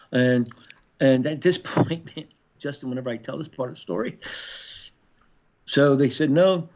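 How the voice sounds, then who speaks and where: An older man, a former Marine, telling his story as a podcast guest in a gritty, profane way with halting restarts. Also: medium pitch, darkish tone. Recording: slightly dull lo-fi audio.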